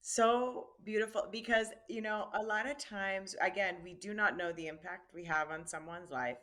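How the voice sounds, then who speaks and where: Woman host, bright tone, supportive, casual interview. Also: mid-range voice, normal speed. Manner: supportive, frequent affirming interjections. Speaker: podcast host.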